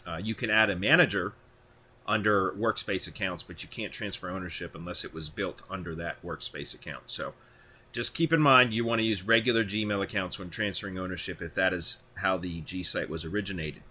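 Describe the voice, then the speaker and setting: A man talking through a software tutorial step by step in plain instructions, with occasional fillers. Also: deep voice, a little fast. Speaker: tutorial host. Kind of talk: screen-recorded software tutorial.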